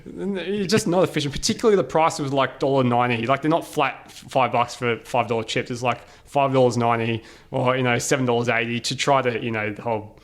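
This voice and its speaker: Man, podcast guest, casual storytelling, mid pitch, laughs a lot. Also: quick pace. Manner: animated, laughing, many fillers.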